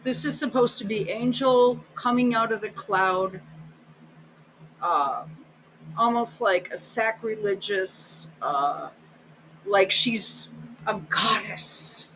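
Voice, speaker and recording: A woman's voice: medium pitch, slow pace, background noise. A woman giving blunt, sarcastic, profane reaction commentary over video clips as host of her channel.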